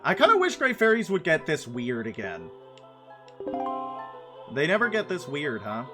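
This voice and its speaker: Playful high-pitched streamer man. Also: wildly swooping pitch, normal speed, music in the background. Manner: playful, breaks into silly sing-song. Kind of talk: casual let's-play commentary.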